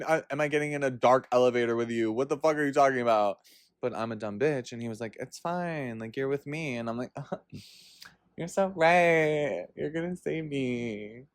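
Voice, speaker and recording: A man's voice: no room sound, studio quality. Campy, profane young man telling a story. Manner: animated, campy and profane, leaps into high squeals when excited. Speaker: podcast host. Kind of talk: casual storytelling monologue.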